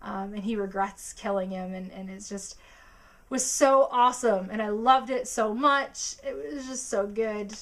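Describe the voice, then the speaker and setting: A young woman vlogger chatting casually to camera, excitable and gushing, with squeals and lots of filler words. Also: mid-range voice, measured pace. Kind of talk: casual anime chat to camera.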